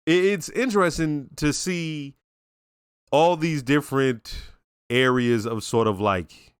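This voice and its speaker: A man giving casual reaction commentary on a TV episode, talking in a slangy, reflective, animated way. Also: a little high, slow, clear, resonant tone, no echo, studio quality. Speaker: show reaction reviewer.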